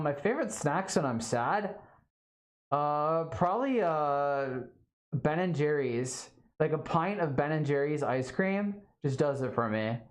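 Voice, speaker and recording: Chatty low-voiced young woman streamer. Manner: chatty, lots of fillers like "like" and "um". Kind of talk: casual live-stream chat reading viewer comments.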